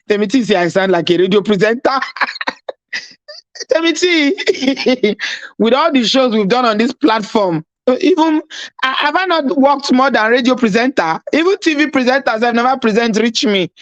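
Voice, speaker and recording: Husky Nigerian woman hosting a live chat. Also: a little high, dry recording, highs cut off. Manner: chatty, laughing, mixes in Nigerian Pidgin. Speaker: live-stream host. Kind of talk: casual live-stream chat. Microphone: no proper mic, device mic.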